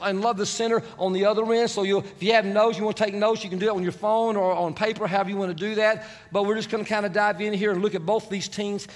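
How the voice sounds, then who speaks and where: A male pastor preaching a sermon in a relaxed, conversational way, leading the congregation in prayer. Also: high-pitched, in a large hall. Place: large church sanctuary.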